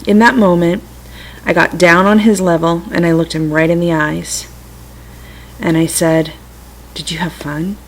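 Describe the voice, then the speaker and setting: A middle-aged woman talking gently and reflectively to her computer's webcam at home, with self-amused asides. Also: on the low side, flat delivery, measured pace, long pauses, rough recording. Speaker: vlogger sharing personal stories. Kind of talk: casual spiritual talk to camera. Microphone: computer webcam mic.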